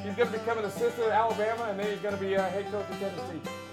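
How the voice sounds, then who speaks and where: A man presenting a joking sports update segment in a deadpan, playful way. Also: sits high, rapid-fire, over music.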